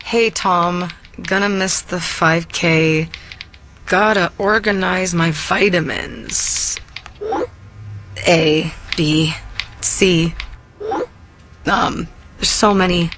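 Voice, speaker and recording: A distracted woman dithering over a lame excuse in a radio ad. She speaks very slowly, in a lowish voice. Clicking and typing noise runs behind her. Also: fairly even intonation. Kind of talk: comedic commercial acting.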